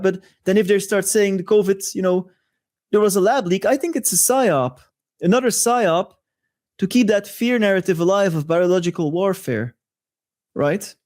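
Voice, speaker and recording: A man's voice: high voice, darkish tone. A man hosting a monologue-style commentary show, talking in a conspiratorial way with rhetorical asides. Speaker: host.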